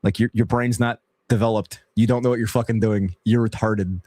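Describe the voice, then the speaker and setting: A man's voice: on the low side, fairly quick. A young man hosting a casual live stream, laughing and swearing as he talks. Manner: laughing, swearing, lively banter.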